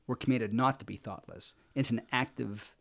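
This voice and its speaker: A man's voice: medium pitch, fairly even intonation, moderate pace, gravelly. A man in his forties, a podcast guest, speaking firmly and earnestly about his faith and his family. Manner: firm, earnest. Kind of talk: conversation.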